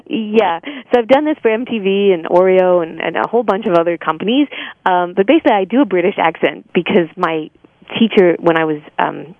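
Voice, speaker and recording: A woman's voice: fairly low pitch, a little fast, no room sound, phone-quality sound. An American woman being interviewed, a singer and voice-over artist, talking casually with lots of fillers and laughing often.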